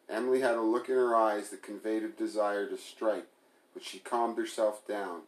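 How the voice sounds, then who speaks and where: Low-voiced man reading a novel. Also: fairly even intonation, normal speed. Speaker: audiobook narrator. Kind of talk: first-person novel reading. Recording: roomy echo.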